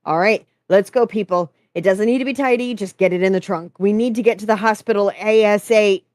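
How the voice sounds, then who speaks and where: A woman's voice: mid-range voice, fairly quick, a little mellow, dry recording, studio quality, voice pushed up, close to an everyday voice. A woman reading a story aloud, voicing a commanding male incubus giving orders. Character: bossy take-charge male incubus.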